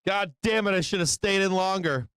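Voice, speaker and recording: A man hosting a live stock trading show, swearing and yelling at the chart while he trades. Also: high voice, brisk, smooth, dry recording. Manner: profane, excitable, yells at the chart. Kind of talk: profane live market commentary.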